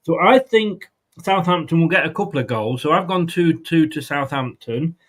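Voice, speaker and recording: A man's voice: a little high, expressive, moderate pace, fairly bright tone. A man hosting a football prediction show, chatting casually and rambling with frequent ums and restarts. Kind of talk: casual chat.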